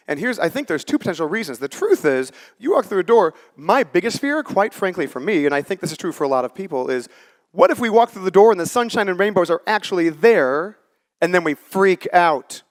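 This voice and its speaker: A man in his forties giving a conversational, story-driven talk on a conference stage and acting out the lines he quotes. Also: on the high side. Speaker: conference speaker. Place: conference stage before a live audience.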